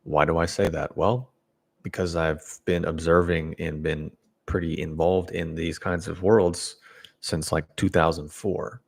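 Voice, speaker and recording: A man with a very deep, gravelly voice delivers a casual opinion monologue on self-development. He is blunt and opinionated, wandering through his points with restarts and the odd chuckle. The low fry sits under nearly every phrase. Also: level tone, measured pace.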